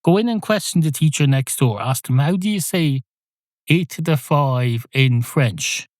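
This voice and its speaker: A man's voice: on the high side, lively intonation, measured pace, darkish tone, no room sound, studio quality. An Irish man voicing a sarcastic schoolteacher who gives classroom orders.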